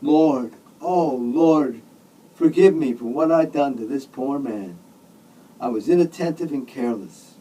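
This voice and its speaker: A man's voice: medium pitch, unhurried, mellow, husky, recorded from a distance, poor audio. Man voicing a weepy, apologetic bearded guy. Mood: pleading. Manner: weepy, apologetic, earnest praying. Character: remorseful bearded man, blubbering and pleading.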